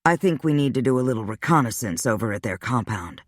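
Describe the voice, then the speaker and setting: A man voicing a weary, wry male vampire, speaking low and subdued in a dry audiobook reading. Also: animated, fast talker, no echo, lightly acted. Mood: steady.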